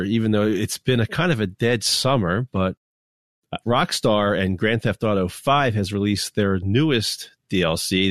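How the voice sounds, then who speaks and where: A man's voice: on the low side, dry recording, clean studio sound. A man hosting a gaming podcast in casual chat, laid-back and amused, laughing often as he moves into the news. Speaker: podcast host.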